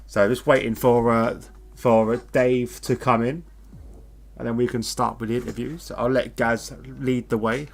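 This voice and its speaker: A man from the United Kingdom giving casual live race commentary, relaxed and joking with his co-host. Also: medium pitch, unhurried, gravelly. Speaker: co-commentator of a sim racing league.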